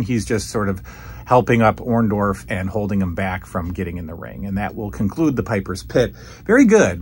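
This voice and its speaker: A man giving a casual, excitable review of old wrestling footage, breaking into loud quotes of what the wrestlers say. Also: fairly low pitch, slight background noise. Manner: excited, acts out quoted lines loudly. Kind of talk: casual commentary over footage.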